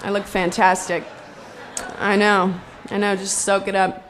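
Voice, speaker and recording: A woman in her twenties giving an excitable, joking, self-deprecating speech to a live audience at a convention, rambling with fillers. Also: mid-range voice, unhurried, a little hiss or hum. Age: 20s. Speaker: convention speaker.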